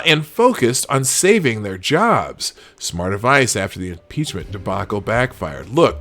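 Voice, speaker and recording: A man's voice: medium pitch, a bit bright. Rambling sarcastic male show host. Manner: rambling and sarcastic, with frequent fillers and restarts. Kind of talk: casual news commentary, reading headlines aloud.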